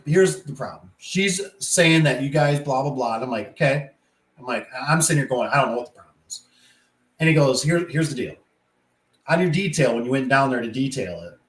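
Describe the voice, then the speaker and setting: A man who installs garage doors, telling work stories in a casual, rambling way and acting out the voices in them. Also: medium pitch. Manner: rambling, animated, acts out quoted voices. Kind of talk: casual storytelling monologue. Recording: echoey room.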